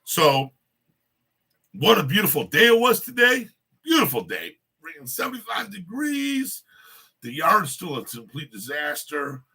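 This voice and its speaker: A man's voice: fairly high pitch, wildly swooping pitch, unhurried, sharp tone, breathy edge. A man hosting a casual live rant show, rambling loosely and boastfully while drinking. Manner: rambling, loose and boastful, keeps repeating a catchphrase.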